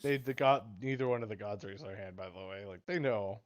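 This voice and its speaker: Low-voiced man running the game. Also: brisk. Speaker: game master.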